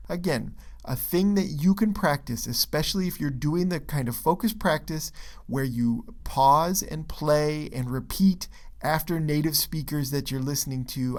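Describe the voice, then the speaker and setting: A man's voice: a little high, creaky. A man teaching English pronunciation in a recorded video lesson, explaining step by step and checking in with "okay" and "right.". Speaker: English test prep teacher.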